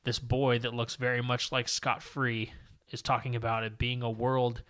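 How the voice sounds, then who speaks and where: A man's voice: medium pitch, level tone, normal speed, fairly bright tone. A man co-hosting a comic book podcast, casually recapping and reading panels aloud in a long-winded, rambling way. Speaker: podcast co-host.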